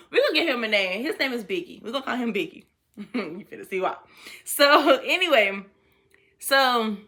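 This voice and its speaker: Young woman vlogger, bright and slangy, tells her storytime straight to viewers in a slightly high voice. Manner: animated, slangy storyteller who talks to viewers. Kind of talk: storytime vlog.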